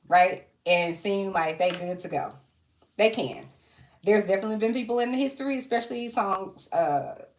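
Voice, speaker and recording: A woman talks straight to camera in a casual, rambling way, wandering from one aside to the next. Her voice sits at a middle pitch. The room around her is noticeably echoey. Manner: rambling, chatty, jumps between asides. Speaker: social worker and vlogger. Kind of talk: casual chat.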